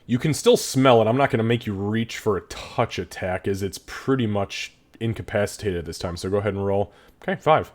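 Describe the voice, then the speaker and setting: A man with a lowish voice narrates a tabletop game as its game master. He talks casually, cursing and breaking into laughter. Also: fairly quick. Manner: casual, swearing, laughing often. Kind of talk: running a tabletop game stream.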